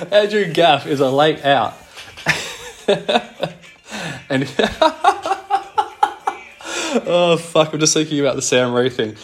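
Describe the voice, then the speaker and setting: A young man giving a casual comedic recap, laughing often, swearing and tossing in quick asides. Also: fairly high pitch. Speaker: host recapping a fantasy league.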